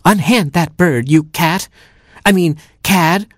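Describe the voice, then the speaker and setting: A man's voice: fairly high pitch, expressive, moderate pace, husky, no echo, clean studio sound, voice pushed up. Man voicing an earnest boy superhero. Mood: heroic. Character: eager young boy superhero, earnest and dramatic.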